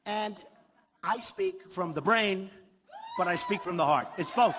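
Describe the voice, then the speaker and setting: A man's voice: high voice, measured pace, over a noisy crowd, very noisy. A man in his sixties giving an off-the-cuff campaign rally speech, boastful and repetitive. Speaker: candidate at a rally. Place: large hall before a crowd. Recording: reverberant hall, faint ambience.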